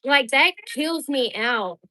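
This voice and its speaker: A woman's voice: sits high, lively intonation, takes it slowly, sharp tone. A young woman from Louisville, a mother and content creator chatting bluntly and directly with her viewers at home. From Louisville, Kentucky. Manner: blunt, talkative, speaks straight to viewers. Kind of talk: casual live chat with viewers.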